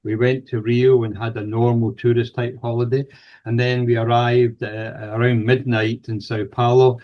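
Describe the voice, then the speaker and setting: An older Scottish man tells a long personal story as an interview guest, pausing on fillers and starting phrases over. His voice sits at an ordinary mid pitch for a man. The audio is slightly dull and lo-fi. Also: level tone. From Scotland. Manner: hesitant fillers and restarts while recounting dialogue. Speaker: guest, paranormal researcher. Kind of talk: anecdotal storytelling in conversation.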